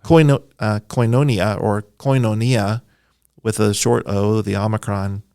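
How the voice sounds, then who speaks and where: A man's voice: fairly low pitch, moderate pace, vocal fry, a little mellow, smooth, dry recording, studio quality. A man, a Bible scholar guest, explaining at length in a friendly, enthusiastic podcast interview, with a self-deprecating touch.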